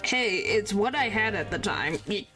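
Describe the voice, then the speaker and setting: A woman's voice: mid-range voice, expressive, normal speed, over music. A woman streamer chatting casually and giggling while she reads game dialogue aloud into a streaming microphone. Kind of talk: casual game commentary with character line reading.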